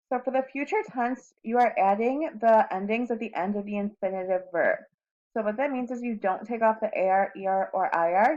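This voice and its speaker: A woman teacher explains her notes at an even, deliberate pace, pausing on ums between points. Her voice sits at a middling pitch. The recording is slightly muffled and lo-fi, like a laptop mic. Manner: slow and deliberate, with frequent ums. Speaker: Spanish teacher. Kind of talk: recorded lesson walkthrough. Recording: slightly dull lo-fi audio.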